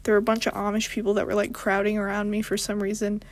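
Woman with heavy vocal fry. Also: mid-range voice, fast. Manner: rambling, deadpan self-mocking humor. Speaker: podcast host. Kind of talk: casual monologue.

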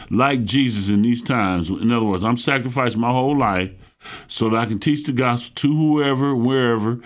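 A middle-aged man with a gravelly voice preaching a sermon, fervent and emphatic, calling out to his listeners. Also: on the high side. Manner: fervent, emphatic preaching with call-outs to the congregation. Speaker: pastor.

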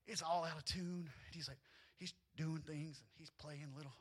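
A man with a high, bright voice preaching a sermon. He tells personal stories with lively, animated energy and often climbs almost to a shout. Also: normal speed, slightly rough. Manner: animated storytelling, often rising to near shouts, with laughs. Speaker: pastor.

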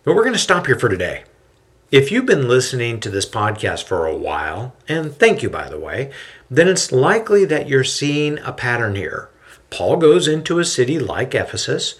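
A man narrating a podcast story in an expressive, scripted way. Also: mid-range voice.

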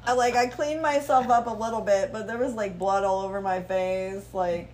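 A woman in her thirties, a guest model chatting casually, telling lively stories with swearing and acted-out quotes. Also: mid-range voice, normal speed. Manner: animated storyteller, swearing, acting out quotes. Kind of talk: casual chat.

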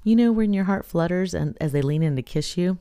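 Low-ish voiced woman cohost, chatty, laughs a ton, animated storytelling. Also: a little fast, smooth. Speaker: podcast co-host. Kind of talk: casual chat.

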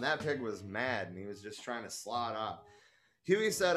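A man's voice: lowish voice, sing-song, moderate pace, a bit bright, faint music behind. A man reading a memoir aloud, breaking off for casual, profane, amused asides. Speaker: reader.

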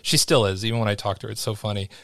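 A man hosting an interview podcast, asking curious questions in a relaxed, chatty way with plenty of fillers. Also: fairly low pitch, rapid-fire, vocal fry, dry recording, studio quality. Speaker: podcast host. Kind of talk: casual interview chat.

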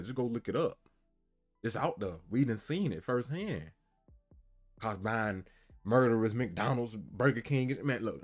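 A man retelling a story in casual, heated commentary, repeating himself and often asking "you feel me". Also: medium pitch.

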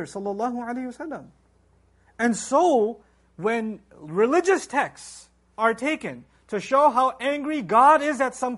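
A middle-aged man giving a religious lecture, animated and acting out quoted voices. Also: very high voice. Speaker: Islamic lecturer.

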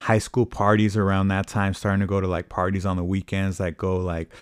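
A man's voice: sits low, monotone, fairly quick, clear, resonant tone, no echo, studio quality. A man talking casually and rambling, with many fillers and repeated "I remember". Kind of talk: casual podcast chat.

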